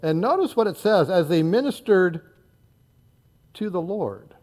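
A man's voice: high-pitched, very animated, a little slow, darkish tone. A man in his sixties from northern Indiana, preaching a sermon in an earnest, conversational way with frequent fillers and repeated words. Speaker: pastor.

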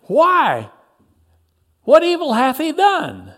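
A man voicing a stern Roman governor who questions a prisoner in slow, solemn, archaic speech. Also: high voice, huge pitch swings, full character voice. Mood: stern, pleading.

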